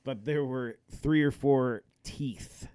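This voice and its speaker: A man co-hosting a podcast, telling stories in casual chat, animated and swearing freely. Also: medium pitch, takes it slowly, smooth, dry recording, studio quality. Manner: animated storyteller, swears freely, acts out quoted yelling. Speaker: podcast co-host.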